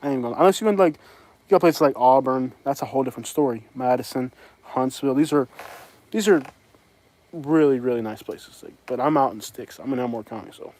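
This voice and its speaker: A man's voice: medium pitch, brisk, a little mellow, poor audio. A middle-aged man with a Boston accent, chatting bluntly and ramblingly to his livestream viewers. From from Boston area. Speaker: livestream host. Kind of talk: casual livestream chat.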